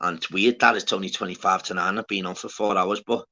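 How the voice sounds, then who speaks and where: A man's voice: low voice, steady tone, fast talker, bright, forceful tone. A man hosting a casual livestream chat, rambling and slangy, calling everyone "lad". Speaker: livestream host.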